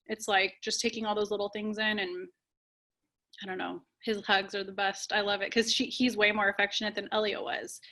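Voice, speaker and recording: A woman in her thirties talks openly and warmly about parenting on a casual podcast, full of "like"s and rambling asides. Her voice is bright and clear, at a middle pitch. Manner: chatty, heartfelt, heavy use of "like". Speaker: podcast guest or host, parent.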